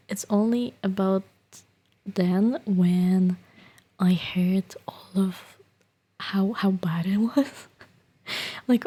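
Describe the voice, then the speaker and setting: A woman streamer talking softly and half-whispering to her chat from her bedroom, hesitant with many restarts. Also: mid-range voice. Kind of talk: soft-spoken whispered chat. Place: bedroom at home. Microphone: desktop streaming microphone.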